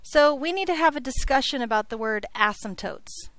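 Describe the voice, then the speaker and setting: A woman's voice: high-pitched, animated, moderate pace, fairly bright tone, dry recording. A woman teaching an algebra class, joking with her students and checking in with frequent questions. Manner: playful, jokey, checks in with frequent "okay?". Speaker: high school algebra teacher. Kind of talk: classroom lecture.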